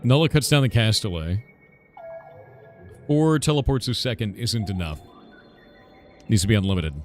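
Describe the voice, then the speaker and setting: Low-voiced man thinking aloud while gaming. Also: animated, normal speed, faint music behind. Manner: thinks aloud, swears under his breath. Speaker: game streamer. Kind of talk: casual gameplay chat.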